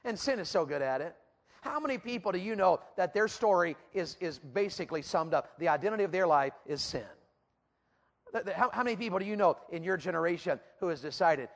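A man preaching a youth sermon in a church, emphatic and repetitive, swinging between loud bursts and hushed asides. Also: high voice, animated, fast talker.

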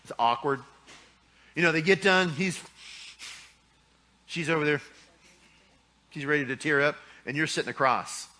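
A middle-aged male pastor preaching with a bright, forceful voice that sits a little high for a man. He keeps it folksy and joking, acting out little everyday scenes as he goes. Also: unhurried, pauses often. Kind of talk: sermon.

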